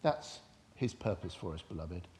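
A man preaching a sermon without notes, retelling scripture in his own words and swinging between loud emphatic bursts and soft quiet passages. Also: low voice, animated, normal speed. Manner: impassioned, rising to loud emphatic bursts then dropping soft.

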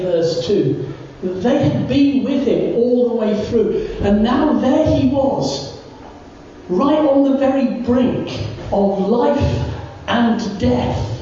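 A preacher giving a sermon who repeats words and phrases and slows down to stress key words. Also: medium pitch, mellow, a little hiss or hum. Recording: very echoey, distant, dull church recording.

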